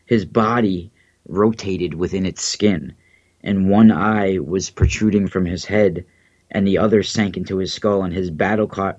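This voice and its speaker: Casually hosting a livestream, this man rambles and hesitates, filling his monologue with fillers and false starts. His voice sits low and a little mellow, and the recording is dry with no echo but sounds muffled.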